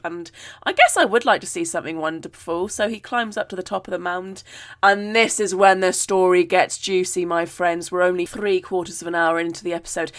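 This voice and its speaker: A woman podcast host retelling myths in a chatty, jokey way with many fillers. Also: on the low side. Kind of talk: casual storytelling of myths.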